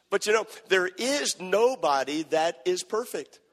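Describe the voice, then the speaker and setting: A man's voice: high voice, lively intonation, a little slow, fairly bright tone, long reverb tail. A man preaching a sermon, emphatic and repetitive as he quotes scripture.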